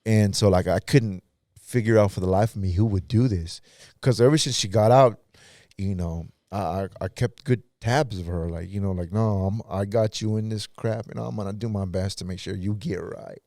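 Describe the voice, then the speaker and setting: A man's voice: lowish voice, moderate pace, a little mellow, no echo, clean studio sound. A pastor guest in a podcast interview, telling his own story in a casual, earnest way and acting out what others said.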